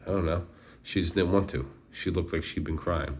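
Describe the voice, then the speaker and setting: A man's voice: low-pitched, moderate pace, slight background noise, natural voice. A man voicing an eager, breathless teenage girl in an audiobook. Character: excited teenage girl with guts.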